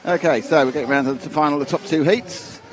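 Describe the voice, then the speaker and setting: A man's voice: fairly high pitch, fast, a crowd in the background. A man commentating live on a model car race, chatty and jokey, thinking aloud as he goes.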